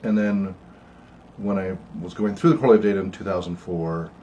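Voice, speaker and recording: A man's voice: low voice, fairly even intonation, brisk, dark tone, muffled recording, slight background noise. An older man hosting an online meeting about his research project, talking casually with many ums and uhs, wheezy and coughing from asthma. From United States. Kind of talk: casual informative talk.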